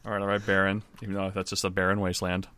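Dude with a lowish voice, dry jokes, podcast chat, keyboard clacking in the background. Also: male voice, completely flat delivery, very fast, pushed and bright, clean tone. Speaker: podcast co-host. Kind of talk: casual chat, writing notes.

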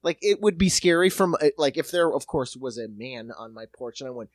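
Man, casual comedic chat, swears a lot, animated storytelling, dry close sound. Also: mid-range voice, fast talker, few pauses, no room sound. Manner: profane, animated storytelling with voiced impressions. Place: lives in a city.

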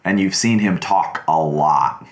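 A man's voice: low-pitched, measured pace, a little hiss or hum. A man co-hosting a podcast, chatting casually about a movie with a dry, teasing manner. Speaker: podcast co-host.

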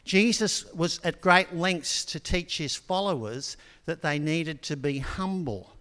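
An older man giving a sermon in a relaxed, conversational storytelling manner, with frequent ums. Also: a little high, slow pace. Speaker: preacher. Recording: long hall reverb.

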